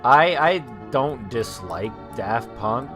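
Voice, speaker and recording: Over background music, this let's play co-host speaks slowly at a medium pitch with lively intonation. He drawls in a relaxed way while playing, keeping the talk casual and dropping the occasional swear word.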